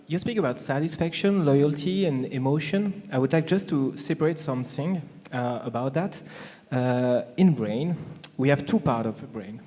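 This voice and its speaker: A man with a French accent, a native French speaker, speaking as a panelist at a conference, halting with many fillers and restarts. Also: medium pitch, mellow. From France. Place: conference hall. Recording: long hall reverb.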